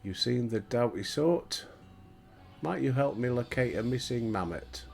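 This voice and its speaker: A man's voice: mid-range voice, expressive, a little slow, creaky, faint music behind. A Yorkshire man reading aloud as a fretful male scholar who is asking for help in a game. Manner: read aloud plainly from the screen.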